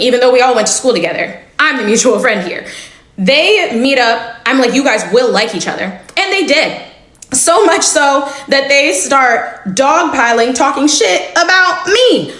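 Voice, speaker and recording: A young woman in her twenties telling a personal story in a chatty, animated way. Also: sits high. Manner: chatty, animated retelling with laughs. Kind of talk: casual storytime. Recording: echoey room.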